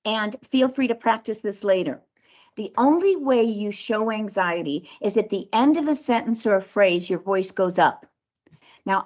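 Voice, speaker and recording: A woman speaking coach leading an interactive session over a video call, upbeat and encouraging. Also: mid-range voice. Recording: dull lo-fi video call audio.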